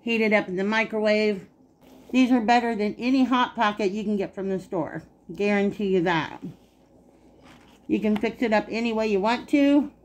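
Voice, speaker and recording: A woman's voice: mid-range voice, moderate pace. A woman hosting a casual home cooking video, chatting homely to viewers and sometimes talking with her mouth full. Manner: chatty, homey, talks while eating. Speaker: cooking channel host. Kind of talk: casual cooking vlog talk.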